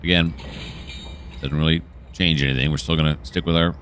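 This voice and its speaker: A man's voice: extremely low pitch, fairly even intonation, fairly quick, background noise. A man narrating a train simulator game as he plays, thinking aloud and correcting himself. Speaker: gameplay commentator. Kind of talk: relaxed let's-play narration.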